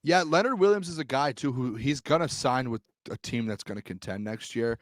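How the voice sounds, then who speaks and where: A man's voice: medium pitch, fairly quick, no echo, studio quality. A man co-hosting a casual sports podcast, talking in an emphatic, confident way. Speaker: podcast co-host.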